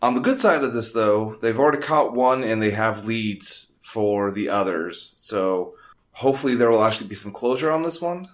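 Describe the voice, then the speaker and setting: A man's voice: lowish voice, expressive, moderate pace. A man co-hosting a casual podcast, making dry, wry remarks. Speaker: podcast co-host.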